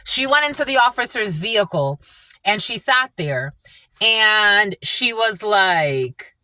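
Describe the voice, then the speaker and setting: A woman's voice: medium pitch, animated, slow, sharp tone, dry recording. A woman giving a rambling, blunt and profane channeled reading in a casual monologue. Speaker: spiritual channeler and tarot reader.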